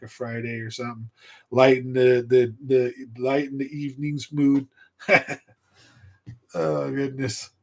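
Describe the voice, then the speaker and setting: A man hosts a casual livestream from a home setup and tells a long, rambling story from his younger days. He gets animated, speeds up, and laughs at his own tale. His voice sits in a middle range. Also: mid-range voice. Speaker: fishing channel livestream host.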